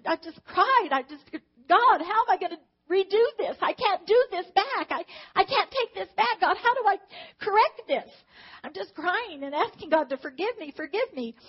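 A woman's voice: very high voice, lo-fi sound. A middle-aged woman giving an earnest, emotional personal testimony to a church congregation, often speaking to God aloud.

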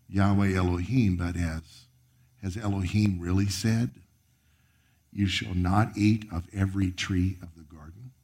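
A man preaching a sermon, reading scripture aloud and commenting on it, his voice rising high and then dropping to a near whisper. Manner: preaching with sharp swings of pitch and volume, dropping to a near whisper. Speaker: pastor.

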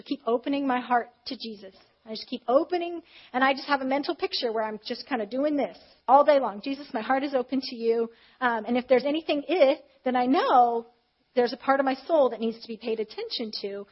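A woman preacher telling a personal story in a conversational sermon, candid and animated. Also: sits high, husky. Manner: candid, animated retelling with acted quotes. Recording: slightly dull, muffled audio.

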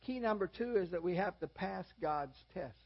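An older male preacher with a high, husky voice gives a folksy, self-deprecating sermon at normal speed, expressive throughout and rising to sudden emphatic peaks. The audio is dull and lo-fi.

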